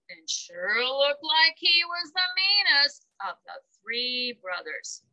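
A woman reads a children's story aloud at a very slow pace, with playful sound effects. Her voice is high and bright. Her pitch swoops widely with expression. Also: muffled recording. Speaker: library story time reader.

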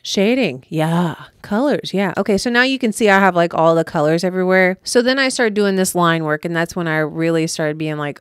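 A woman's voice: on the low side, brisk, few pauses, clear, resonant tone, no echo, clean studio sound. A young woman, chatting playfully through a makeup tutorial and talking straight to her viewers. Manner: chatty, playful, talks to camera. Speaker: makeup artist vlogger. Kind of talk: casual tutorial chat.

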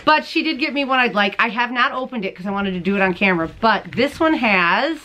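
A woman with a fairly high, bright-toned voice chats casually to her camera at home, gushing over each gift she opens. She laughs easily and talks like a friend showing off her mail, with a faint hiss behind her. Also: expressive, fairly quick, hardly any pauses. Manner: bubbly and gushing, laughs often. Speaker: crochet and knitting podcast host.

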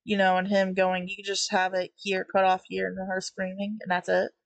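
A woman's voice: mid-range voice, monotone, moderate pace, gravelly, dry recording. A young woman talking through a comic in a casual, critical way, often laughing between remarks. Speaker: webtoon reviewer. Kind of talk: casual commentary while reading.

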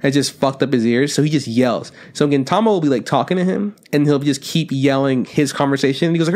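A man's voice: a little high, a little fast, few pauses, darkish tone. Young man retelling scenes, swearing loosely. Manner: loose, profane, acts out scenes in quoted voices. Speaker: podcast co-host. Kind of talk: casual chat.

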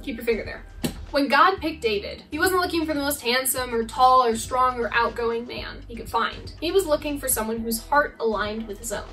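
A woman with a fairly high voice teaches a youth Bible lesson in a casual, playful way. She sounds a little distant from the microphone. Soft music plays underneath. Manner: casual, playful, acts out characters.

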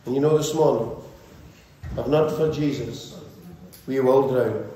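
A man's voice: mid-range voice, a little slow, dark tone, slight background noise. A male pastor preaching a sermon with fervent, repetitive, rhythmic build-ups. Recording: very echoey church hall, faint ambience.

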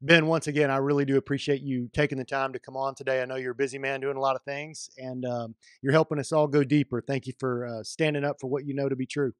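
A man's voice: medium pitch, little pitch movement, fast, hardly any pauses, dry recording, clean studio sound. A man hosting an interview, asking questions in a searching, hesitant, friendly way with many restarts. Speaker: interview host.

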